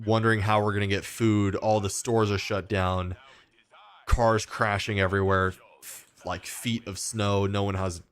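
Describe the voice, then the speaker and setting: A man from Texas chats casually while he plays a game, his voice sitting on the lower side. He rambles through a story and restarts his sentences often, with plenty of fillers. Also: fairly bright tone. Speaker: gaming streamer. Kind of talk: casual chat while gaming.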